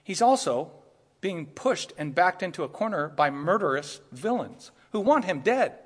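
Pastor guy preaching, pretty high voice, lots of emphatic pushes and laughs, big reverby hall. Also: normal speed. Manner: animated preaching with bursts of laughter and emphatic rises. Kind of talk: sermon.

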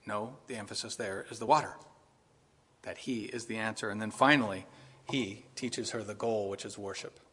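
A man preaching a sermon with emphatic, repetitive, animated delivery, addressing his congregation. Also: lowish voice, moderate pace, husky, long reverb tail.

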